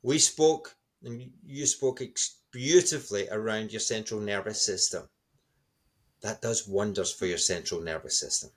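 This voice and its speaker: A man's voice: lowish voice, measured pace. A middle-aged man, a guest speaker, giving enthusiastic, encouraging answers in an interview.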